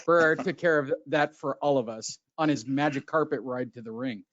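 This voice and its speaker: A man's voice: medium pitch, normal speed, a bit bright, no echo. Man, podcast host, sarcastic profane rant, dead dry muffled sound. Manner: ranting, sarcastic, heavy swearing. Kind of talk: profane casual boxing chat. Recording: dull lo-fi sound.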